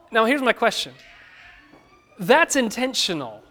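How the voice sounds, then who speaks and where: A man's voice: sits high, expressive, normal speed, fairly bright tone. A man preaching a sermon in an earnest, conversational way, putting direct questions to his listeners.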